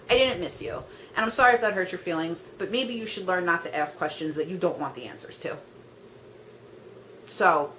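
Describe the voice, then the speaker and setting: A woman's voice: lowish voice, a bit bright, slight background noise, poor audio. A young woman vlogging a blunt, profane rant, talking in an exasperated way and filling her sentences with "like". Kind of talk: ranting vlog monologue.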